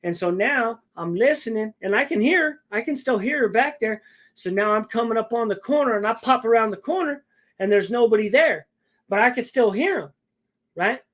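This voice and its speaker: A man's voice: very high-pitched, lively intonation, moderate pace, a bit bright. A man telling a long story in casual chat, rambling and stopping often to check in with the listener. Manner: rambling, keeps checking in with "right?".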